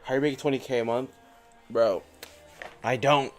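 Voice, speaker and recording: A man's voice: mid-range voice, steady tone, normal speed. A young man live-streaming his day trading, chatting casually in slangy, rambling talk that keeps coming back to "bro". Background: faint music playing.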